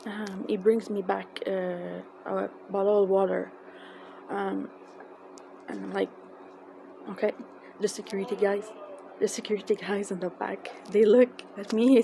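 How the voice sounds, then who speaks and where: A woman with a tells an emotional personal story in a halting, casual way, with many fillers and restarts. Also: mid-range voice, fairly even intonation, gravelly. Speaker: fan telling a personal story. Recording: noisy background.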